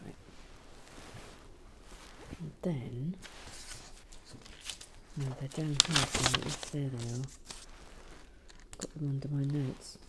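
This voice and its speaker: Low, slow-talking woman vlogger. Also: fairly even intonation, heavy background noise. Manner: chatty, rambling, lots of fillers and restarts. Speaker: building-toy vlog host. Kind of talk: casual build commentary. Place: cold room at home.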